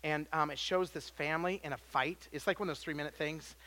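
A man preaching a sermon, swinging from loud emphasis to quiet, low lines and often restarting his words. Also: fairly even intonation, fairly quick. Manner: self-interrupting with repeated words. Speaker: pastor.

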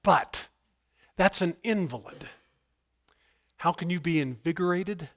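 A man preaching a sermon as pastor, emphatic, moving between quiet asides and raised declarations. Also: fairly high pitch, slow pace.

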